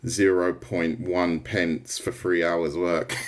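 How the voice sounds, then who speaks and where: A man talks on his art livestream in an easy, rambling way. His voice sits slightly low, and he keeps breaking off to greet viewers. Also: fairly even intonation, very slow, a bit bright. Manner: rambling, chatty, answers viewer comments. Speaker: artist livestreamer. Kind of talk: casual livestream chat while drawing.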